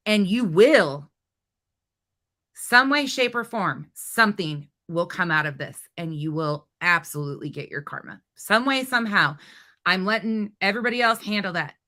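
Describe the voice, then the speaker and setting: Her voice sits on the low side, expressive, bright and forceful, at normal speed. As host of a reaction commentary channel, she goes on blunt, indignant rants full of profanity and sarcastic ridicule.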